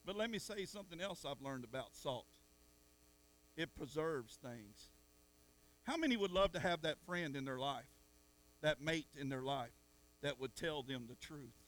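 Give me a middle-aged preacher man with a high voice, passionate and calling out to his congregation. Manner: impassioned, swings from soft asides to loud calls at the congregation. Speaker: pastor. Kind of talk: sermon. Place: church.

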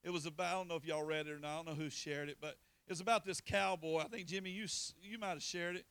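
A man preaching in a bright, crisp voice that sits a little high for a man. He spins a homespun tale and then presses his points with rising fervor. The sound is dry and close. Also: steady tone, fast. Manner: folksy storytelling, building to fervent preaching. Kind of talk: sermon.

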